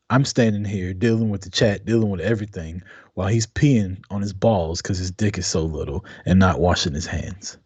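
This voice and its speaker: Man, low voice, husky, dry close sound, laid-back, teasing podcast co-host. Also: moderate pace, a little mellow, dry recording, highs cut off. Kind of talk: casual live-stream chat.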